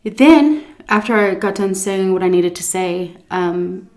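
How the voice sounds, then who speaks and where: A woman vlogger in casual storytime chat, animated, laughing often and acting out what people said. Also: medium pitch, measured pace. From United States.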